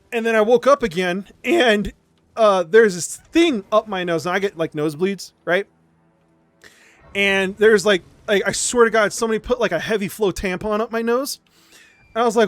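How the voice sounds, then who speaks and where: A man streaming live, telling a story in an animated way, swearing often and laughing between lines. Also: sits high, moderate pace, no room sound.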